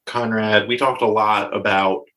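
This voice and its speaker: A man's voice: lowish voice, steady tone, measured pace, a bit bright. A man interviewing guests over a video call, asking questions with hesitant fillers and restarts. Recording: distant video call audio.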